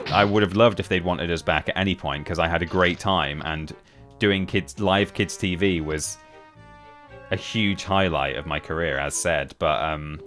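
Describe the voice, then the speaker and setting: A young man talks in a low voice, chatty and rambling, often breaking off and restarting his sentences. He is a streamer chatting with viewers while he plays. Gentle game music sits quietly underneath. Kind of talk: casual live-stream chat while gaming.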